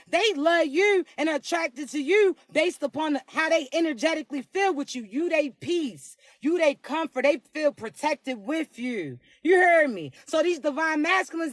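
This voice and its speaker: A woman with a raspy voice giving a casual spiritual reading to camera, slangy and emphatic, often asking "you heard me". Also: sits high, dry recording, studio quality. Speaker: spiritual card reader.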